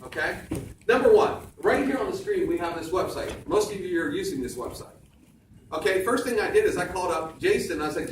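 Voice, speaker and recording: A man's voice: high-pitched, animated, fast talker. A man giving a punchy, emphatic motivational sales talk on stage to an audience, repeating key phrases. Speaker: seminar speaker. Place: large room with audience. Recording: echoey room, far from mic, faint background noise.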